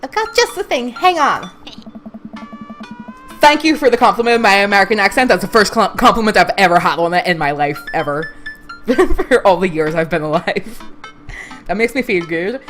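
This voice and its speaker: A woman's voice: medium pitch, lively intonation, brisk, fairly bright tone, soft background music. A woman streaming a dating game, reading its text aloud and joking with frequent laughs and casual swearing.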